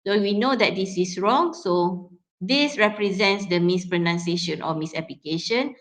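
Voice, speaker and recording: A woman's voice: fairly low pitch, moderate pace. Malaysian woman lecturing on word stress. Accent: Malaysian English. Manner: code-switches, talks through examples with frequent fillers and self-corrections. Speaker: English phonology lecturer.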